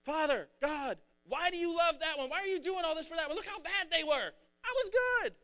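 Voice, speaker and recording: A man's voice: high voice, normal speed, bright, forceful tone, voice pushed up. A man voicing a resentful young older brother who complains and compares himself to others. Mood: whiny. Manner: complaining, self-righteous.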